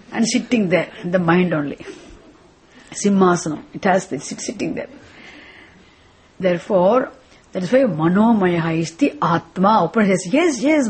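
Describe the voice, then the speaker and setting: In a breathy, mid-pitched voice, a woman leads a scripture class as a classroom lecture. Her delivery is repetitive: she circles back over phrases, restarts them, and keeps posing questions to her listeners as she explains.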